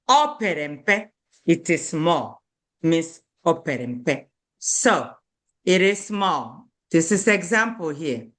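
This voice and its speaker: A woman teaching an online beginner language class, repeating each word slowly and spelling out syllables for learners, firm when children stop paying attention. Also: on the low side, fairly bright tone. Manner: slow, repeats words and stresses syllables for learners; firm with children who do not pay attention.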